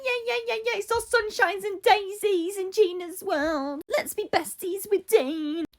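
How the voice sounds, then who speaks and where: A woman putting on the voice of a cheerful, airheaded soap character to mock her, with a squeaky, sing-song delivery. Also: measured pace.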